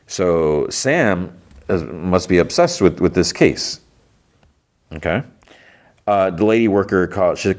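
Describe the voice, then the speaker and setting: Very deep-voiced man recapping an episode. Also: expressive, slow, long pauses. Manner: rambling, full of fillers and restarts. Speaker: podcast host.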